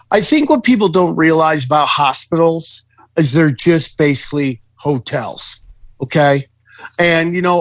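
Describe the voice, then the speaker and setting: A man's voice: fairly high pitch, dry recording. Casual, agreeable podcast man. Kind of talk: casual chat.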